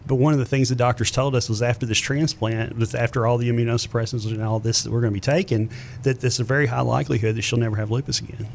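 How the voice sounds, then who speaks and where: A man's voice: mid-range voice, steady tone, fast talker, creaky, hardly any pauses, slight background noise. A man in his thirties, a guest on a radio talk show, speaking earnestly and devoutly about his faith and his family. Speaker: radio show guest, husband of a transplant patient. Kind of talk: radio interview.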